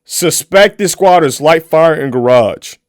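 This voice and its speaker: Loud, mocking young male streamer. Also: a little high, expressive, slow pace, dry recording. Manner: loud, profane, mocking, swings into shouts. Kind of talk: casual reaction stream.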